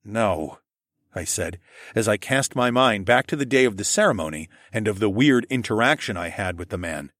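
A man narrating a first-person fantasy romance audiobook in an expressive storytelling manner. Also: fairly low pitch, fairly quick, no room sound, clean studio sound.

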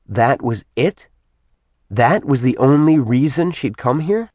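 A man narrating an audiobook in a soft, even storytelling manner. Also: mid-range voice, takes it slowly, no room sound. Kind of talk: scripted narration.

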